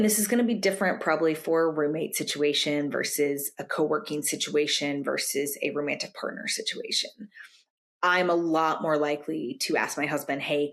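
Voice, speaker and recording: A young adult woman with a low voice answers interview questions as a guest coach on a podcast, talking casually and at length. She's animated, and whenever she quotes a friend or partner she jumps up in pitch to act out the line.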